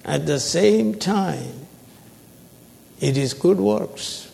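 A man preaching a sermon, slow and emphatic, prompting his listeners with call-and-response questions. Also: sits high, lively intonation, vocal fry, dark tone, a little hiss or hum. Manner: call-and-response, prompting the audience with "what, sir?"; slow, emphatic, stretches key words. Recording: long hall reverb.

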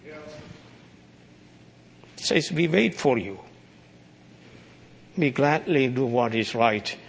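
A man preaching a sermon, breaking into sudden loud, high exclamations. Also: lively intonation, slow pace, vocal fry, a little hiss or hum. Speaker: pastor.

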